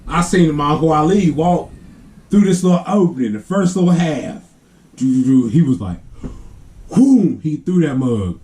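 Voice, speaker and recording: A man vlogger telling a family story to camera in a casual, animated way, laughing often and acting out the sounds. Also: fairly high pitch, measured pace.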